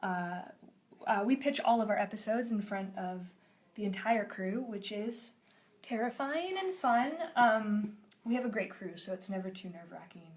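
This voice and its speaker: A bubbly young woman in a studio, talking at an ordinary middle pitch. She walks through a storyboard pitch on a live stream, upbeat and quick to laugh. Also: expressive. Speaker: storyboard artist.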